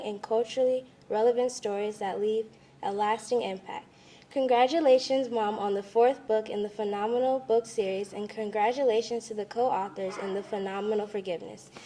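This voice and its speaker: A woman, the speaker's daughter, reading a prepared introduction of a publisher at a book launch in a measured, formal way. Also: a little high, mellow. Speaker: event introducer. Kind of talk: read introduction.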